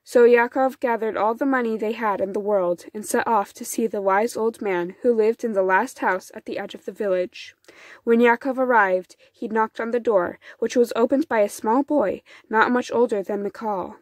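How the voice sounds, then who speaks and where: A woman reading a folktale storybook aloud in an unhurried, soft storytelling manner. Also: on the high side, no echo. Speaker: storybook reader. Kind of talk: children's storybook narration.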